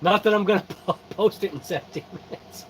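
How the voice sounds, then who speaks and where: A man's voice: high voice, fast, slight background noise, rough recording. A man hosting a hobby channel, chatting casually and sleepily with viewers, yawning and laid-back. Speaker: RC channel host. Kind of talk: casual live-stream chat.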